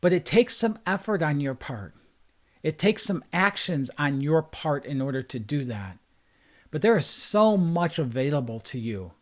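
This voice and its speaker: A man's voice: on the high side, big pitch swings, a little slow. Earnest man giving a motivational talk. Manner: earnest, repetitive emphatic phrasing. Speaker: life coach.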